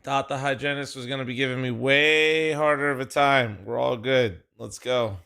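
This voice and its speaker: A man's voice: mid-range voice, fairly even intonation, normal speed, creaky, pushed and bright, clean tone. A man hosting a live-stream watch party, chatting casually with his viewers in a loose, laughing, profane way with a slightly nasal voice. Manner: loose, swearing, laughing, talking straight to chat.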